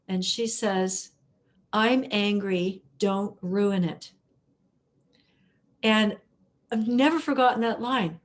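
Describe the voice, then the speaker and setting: A woman chatting in an online study group, telling a story with easy laughter over a video call. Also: mid-range voice. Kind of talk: casual sharing in an online group.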